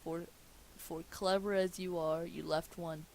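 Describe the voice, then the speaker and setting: A man doing a booming pompous sea king. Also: flat delivery, unhurried, gravelly, slight background noise. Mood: imperious. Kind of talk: comedic script reading.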